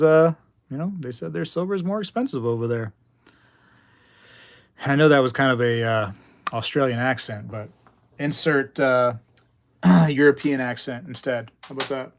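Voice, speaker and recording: A man hosting a coin livestream, rambling and joking with viewers in casual chat. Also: mid-range voice. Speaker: coin channel host.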